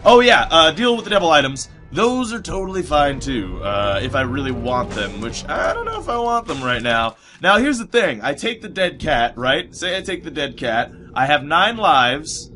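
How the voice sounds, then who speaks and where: A chatty man narrates his game in a bright, forceful voice that swings widely in pitch. His throat sounds sore and strained, and he rambles and swears as he plays. Faint music runs underneath. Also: normal speed, hardly any pauses. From United States. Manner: rambling, excitable, swears often. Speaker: gaming commentator. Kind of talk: casual let's play commentary.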